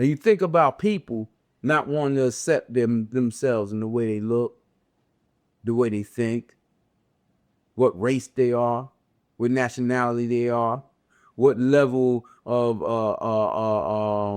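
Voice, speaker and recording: Older man with a slow Southern drawl. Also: medium pitch, darkish tone. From American South, raised in a city. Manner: slow, drawn-out, conversational with repeated phrases. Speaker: religious teacher. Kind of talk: spoken religious reflection.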